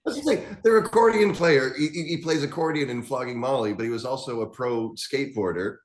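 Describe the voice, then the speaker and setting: A man's voice: mid-range voice, fairly quick. A man co-hosting a podcast in a casual chat, talking loosely with plenty of restarts and repeated words. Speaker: podcast co-host. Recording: roomy echo.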